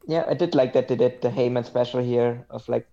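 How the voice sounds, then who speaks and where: Mellow-voiced man rambling on lo-fi audio. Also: medium pitch, steady tone, a little fast, creaky. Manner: rambling, many fillers, sardonic. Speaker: podcast guest. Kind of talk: casual podcast chat.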